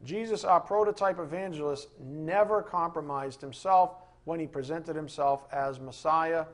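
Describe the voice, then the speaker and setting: A man's voice: fairly high pitch, moderate pace. A man preaching a sermon in an emphatic style, firing off rhetorical questions.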